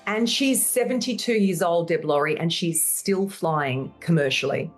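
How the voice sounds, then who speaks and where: An Australian actress chatting as an interview guest, animated and talkative, with emphatic asides. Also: female voice, fairly low pitch, normal speed, faint music behind. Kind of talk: casual interview chat.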